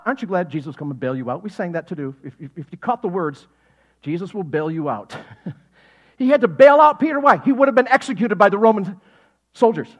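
A preacher with a high, light male voice delivers his sermon with plenty of humor and laughter. He acts out the scenes himself, switching between hushed asides and sudden bursts of shouting. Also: a little fast, muffled recording. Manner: animated, acts out quotes with sudden loud shouts; jokey, laughs often. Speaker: pastor.

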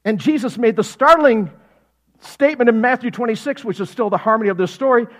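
A man preaching a sermon, animated and jokey, acting out quotes with sudden loud shouts and laughing often. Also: very high voice, fairly quick. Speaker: pastor.

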